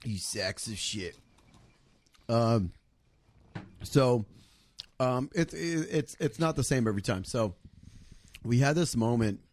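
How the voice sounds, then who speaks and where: A man's voice: mid-range voice, unhurried, long pauses, darkish tone. A man hosting a casual podcast chat over drinks, rambling with plenty of swearing, fillers and restarts. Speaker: podcast host.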